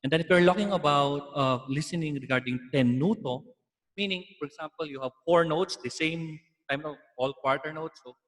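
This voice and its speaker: A man with a Filipino accent gives an online music theory lesson, explaining each point patiently. His voice sits fairly high for a man. The recording carries a long, lingering reverb. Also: brisk, fairly bright tone. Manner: explaining patiently, mixing in Tagalog asides. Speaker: music teacher.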